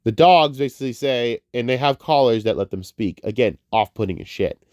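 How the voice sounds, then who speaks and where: A man getting over a cold gives a rambling, excitable, profane spoken film review. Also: mid-range voice, a little fast, dry recording, studio quality. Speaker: movie reviewer.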